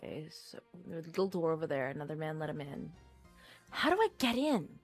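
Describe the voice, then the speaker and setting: Playful woman streamer, casual gameplay chatter, very lively pitch, faint music underneath. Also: brisk. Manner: playful, jumps between silly voices.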